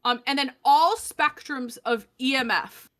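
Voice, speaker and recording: A woman's voice: high voice, a little slow, fairly bright tone. A young adult woman co-hosting a casual comedic podcast, sarcastic and swearing, often laughing mid-sentence. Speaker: podcast co-host.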